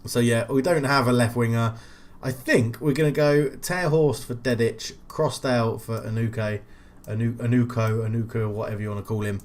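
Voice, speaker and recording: Young man, game commentary, medium voice, excitable, mumbled asides, loud goal calls. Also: mid-range voice, moderate pace. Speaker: video game channel host. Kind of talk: let's play commentary.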